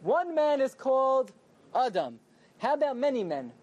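A man's voice: extremely high pitch, moderate pace, muffled recording. A man teaching an evening Torah class to a small live group, joking and firing questions at them. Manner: animated, questioning the audience and joking. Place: small room with a live audience.

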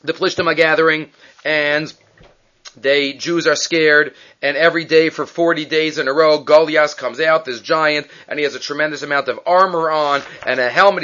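Man retelling a story, lively and quick. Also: on the high side. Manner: animated, quick, frequent restarts and self-corrections. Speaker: Torah teacher. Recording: dull lo-fi recording.

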